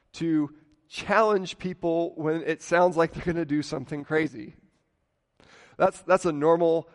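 A man's voice: on the high side, in a large hall. A man preaching a sermon in a conversational way, acting out the quoted lines with rising emphasis. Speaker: pastor.

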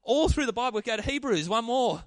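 Animated male preacher, dry close sound. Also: very high-pitched, quick pace, dry recording. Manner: animated, calls for responses from the congregation. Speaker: pastor. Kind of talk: sermon.

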